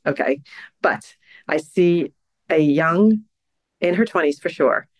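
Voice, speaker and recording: A woman chatting as a podcast co-host, her pitch sitting a little low but swinging widely as she tells stories. She is emotional and laughs easily, her voice rising sharply when something moves her. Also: normal speed, no room sound, studio quality. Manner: emotional, laughs often, animated storyteller. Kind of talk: casual chat.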